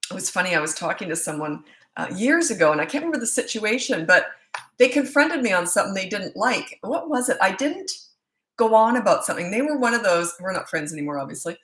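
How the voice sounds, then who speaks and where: A mid-range, fairly bright voice comes from this woman in her sixties, a parenting coach. She's at home on a live stream, casually reading viewers' comments aloud and drifting into rambles between them.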